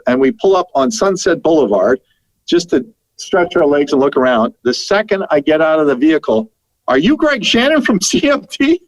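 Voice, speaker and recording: A middle-aged Canadian radio broadcaster telling lively anecdotes as a podcast guest, laughing and acting out what people said. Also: male voice, fairly high pitch, no room sound, rough recording. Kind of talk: storytelling in a podcast interview.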